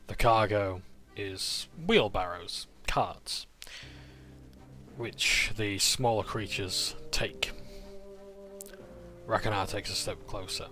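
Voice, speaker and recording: Low, bright-toned man recapping a game session. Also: slow pace, pauses often, faint music behind. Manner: casual, with frequent "uh" and self-corrections. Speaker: player recapping a tabletop session. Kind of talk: recap narration of a tabletop game.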